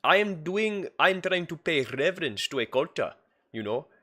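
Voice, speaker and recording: A man's voice: on the high side, big pitch swings, moderate pace, pushed and bright, pitched above the performer's own voice, full character voice. A man putting on a raised, exaggerated voice while arguing earnestly. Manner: earnest, emphatic, argumentative. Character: man's raised put-on speaking voice, earnest.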